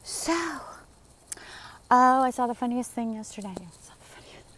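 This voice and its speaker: A woman's voice: on the high side, moderate pace, fairly bright tone, slight background noise. Rambling woman in her sixties, outdoors. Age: 60s. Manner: rambling storytelling, acting out quotes. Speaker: vlogger. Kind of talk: casual chat while walking. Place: outdoors in the desert.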